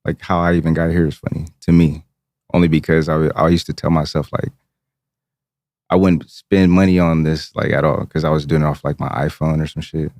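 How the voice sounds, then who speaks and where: A man's voice: extremely low pitch, little pitch movement, fairly quick, a little mellow, no room sound. A young man from Virginia, a music producer guest, talking in a laid-back, slangy way and laughing often. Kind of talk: casual interview chat.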